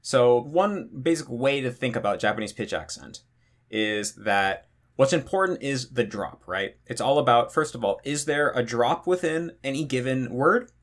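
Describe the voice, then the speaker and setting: A man teaching in a relaxed explanatory tutorial, thinking aloud with frequent fillers. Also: medium pitch, moderate pace. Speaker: language teacher.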